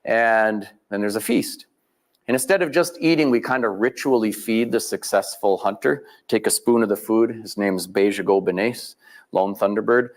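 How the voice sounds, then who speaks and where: A man's voice: on the low side, moderate pace. A middle-aged man giving a talk as guest speaker, telling stories in a folksy way and acting out the people he quotes. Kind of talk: storytelling lecture. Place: live event venue.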